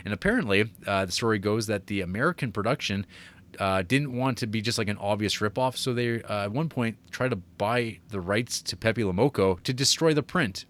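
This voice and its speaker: A man's voice: fairly low pitch, fairly quick, a bit bright. A man co-hosting a podcast, chatting casually about an old film, rambling with many fillers and restarts. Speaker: podcast co-host.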